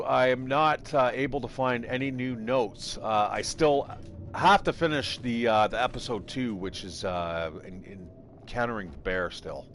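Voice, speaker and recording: A man's voice: mid-range voice, a little slow, fairly bright tone, slight background noise. A man casually commentating his game live, rambling, thinking aloud and swearing freely. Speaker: game streamer.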